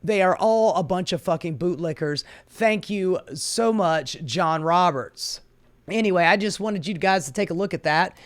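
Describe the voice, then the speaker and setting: A woman's voice: lowish voice, normal speed. A woman hosting a political commentary show, ranting in a sarcastic, profane way.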